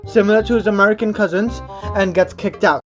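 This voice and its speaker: A woman's voice: mid-range voice, quick pace, over loud music. Sarcastic woman mocking a video. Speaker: commentator. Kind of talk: comedic reaction commentary.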